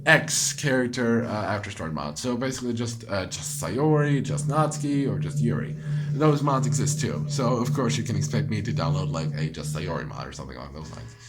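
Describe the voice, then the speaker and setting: A man hosting a casual game commentary, excitable and rambling, swearing freely. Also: fairly low pitch, a little fast, over loud music. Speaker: let's play host.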